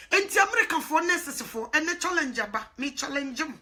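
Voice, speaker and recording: A woman evangelist preaching a sermon in an animated way, swinging from hushed asides to loud exclaims and laughing often. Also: high voice, brisk, hardly any pauses.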